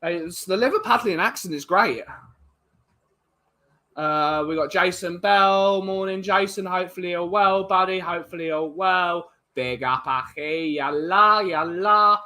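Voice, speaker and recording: Rambling English male host reading out chat, bright slightly high voice. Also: fairly even intonation, a little slow. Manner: chatty, rambling, greets chatters by name. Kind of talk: casual live-stream chat.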